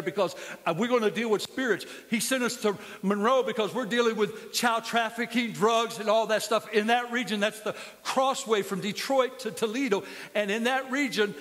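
A man's voice: high voice, fairly quick, a bit bright, big-room sound. A man preaching a sermon as pastor, impassioned and full of storytelling, in a church sanctuary.

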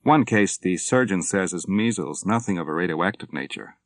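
A man voicing a dutiful young naval officer who speaks crisply and politely, in an audiobook reading. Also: low voice, expressive, moderate pace, no room sound, clean studio sound.

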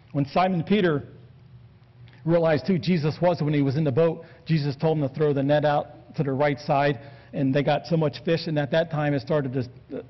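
A man preaching an earnest sermon, steadily working through scripture quotes. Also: on the high side. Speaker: pastor. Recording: dull lo-fi recording.

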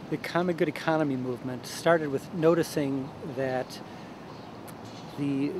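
A man's voice: medium pitch, noisy background. A man earnestly explaining his economic reform project in an interview.

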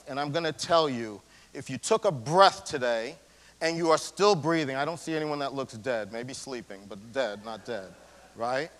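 A male pastor giving a sermon in a casual, slangy way, swinging between loud emphasis and hushed near-whispers. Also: mid-range voice, normal speed. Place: church sanctuary. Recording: long church hall reverb.

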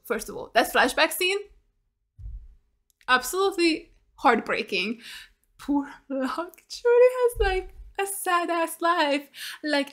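A young woman hosting a reaction video, excitable and emotional, swearing freely as she comments from a room at home on a desk mic. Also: sits high.

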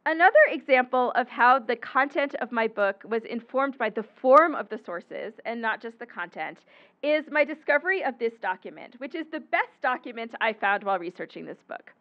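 A woman with a high voice lectures on her historical research, explaining patiently and now and then pausing on an um or correcting herself. The recording is somewhat muffled and dull, like a talk captured in a lecture hall. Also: animated. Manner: explanatory, occasional ums and self-corrections. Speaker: historian giving a book talk. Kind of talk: academic lecture with slides.

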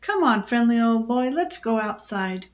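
A woman's voice: on the high side, sing-song, measured pace, lo-fi sound. Woman doing a scoffing young boy. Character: scornful young boy, loyal to his dog.

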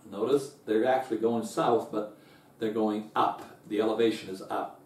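A man's voice: steady tone, normal speed, roomy sound, recorded from a distance. A man teaching a Bible lesson in an earnest way, restarting and repeating words, his voice rising when he stresses a point. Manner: rises in pitch and loudness when stressing a point.

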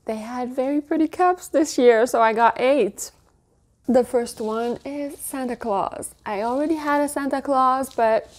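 A woman in her thirties talks slowly and unhurriedly through a home haul, her voice sitting a little high. She gushes over each item and slips into a high cooing baby voice at the cutest ones. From Canada. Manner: gushing, coos in a high baby voice at her dog and cute mugs. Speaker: vlogger. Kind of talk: casual show-and-tell haul.

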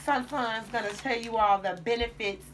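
A woman's voice: on the high side, normal speed, slight background noise. A woman chatting casually to viewers as she cooks in her home kitchen. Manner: chatty, addresses viewers while cooking. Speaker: home cook vlogger. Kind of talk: casual cooking vlog.

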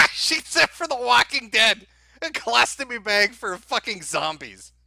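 A man's voice: extremely high pitch, sing-song, unhurried, creaky, pushed and bright, no echo. A man hosting a live stream, reacting with profane, laughing, mocking commentary. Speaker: stream host.

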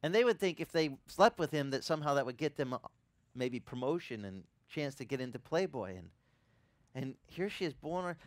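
A man preaching a sermon as a pastor, telling a personal story conversationally and growing louder and higher when impassioned. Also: animated, moderate pace, no echo. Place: church ministry in Hawaii.

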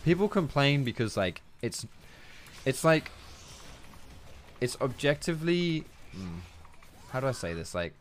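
A man's voice: mid-range voice, very animated, unhurried, long pauses, slight background noise. A young man with an English accent, chatting casually and rambling as he streams a game and answers his chat. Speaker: gaming streamer. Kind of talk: casual chat while playing and reading chat.

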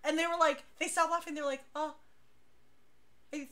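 A woman leading a dance crew, telling stories casually on a talk show, chatty and animated, laughing now and then. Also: very high-pitched, quick pace.

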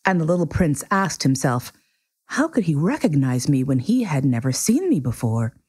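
A woman reading a children's book aloud in an animated, theatrical way. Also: low-pitched, moderate pace, breathy edge, dry recording. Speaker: reader. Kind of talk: expressive storybook reading.

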